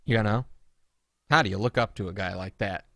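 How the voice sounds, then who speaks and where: A man's voice: fairly low pitch, normal speed, creaky, dry recording. A young man co-hosting a podcast, ranting in a casual comedic way with mocking, sarcastic outbursts. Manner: animated, mocking, swings into loud sarcastic outbursts. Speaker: podcast co-host.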